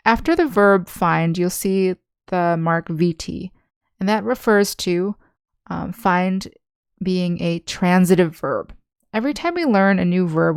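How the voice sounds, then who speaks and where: A woman English teacher, patiently explaining vocabulary in an online lesson with slow, clear examples. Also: on the low side, no room sound, studio quality.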